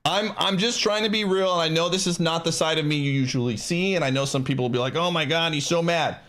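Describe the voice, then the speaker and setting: A man's voice: on the high side, quick pace, fairly bright tone. A man streaming live, ranting to his chat in a frustrated, emphatic, insistent way.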